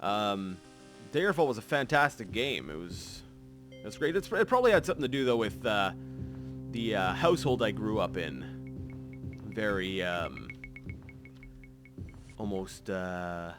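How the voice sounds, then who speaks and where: A man commentates his gameplay in a casual, rambling way. He stops and restarts often, piling up fillers, and his pitch rises and falls a lot. Faint guitar music plays behind him. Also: big pitch swings, a little slow, long pauses. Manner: rambling, self-correcting, many fillers. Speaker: let's play host.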